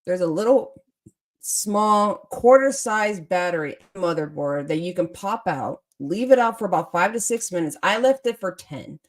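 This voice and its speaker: A young adult woman hosting a casual chat, telling a story in a lively way, laughing often and acting out what people said. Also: lowish voice, normal speed. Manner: animated, laughs often, acts out quotes. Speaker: podcast host.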